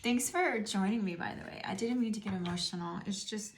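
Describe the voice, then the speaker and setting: Speaking fairly quickly in a mid-range voice, a middle-aged tarot reader muses and rambles through a casual reading aimed at the viewer. A little hiss or hum sits under the roomy, echoing recording.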